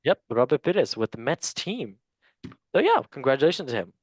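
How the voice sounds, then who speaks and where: A man's voice: mid-range voice, sing-song, moderate pace, no room sound. Playful man hosting a quiz. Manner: joking, playful, stumbling over names. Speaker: quiz master. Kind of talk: casual podcast quiz hosting.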